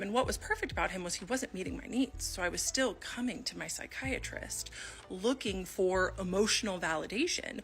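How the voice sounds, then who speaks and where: A woman's voice: mid-range voice, normal speed, fairly bright tone, soft background music. A woman telling a personal story in confessional style, acting out the dialogue she quotes. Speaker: video storyteller.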